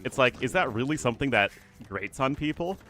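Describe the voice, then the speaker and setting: A man's voice: mid-range voice, lively intonation, a little fast, a bit bright, soft background music. A man with a General American accent casting a live strategy game and chatting with viewers between plays. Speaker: esports caster.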